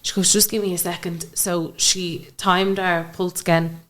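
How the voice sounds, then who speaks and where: A woman's voice: lowish voice, flat delivery, measured pace, fairly bright tone. A young woman with an Irish accent, a podcast guest telling a personal story and acting out the dialogue she quotes. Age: young adult. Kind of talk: emotional personal storytelling in conversation.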